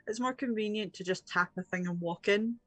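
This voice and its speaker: A woman's voice: medium pitch, a little fast, a bit bright, no echo, faint music behind, natural voice. A woman voicing a fussy, doting elderly receptionist in a tabletop role-playing game. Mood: chatty. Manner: doting, chatty, grandmotherly.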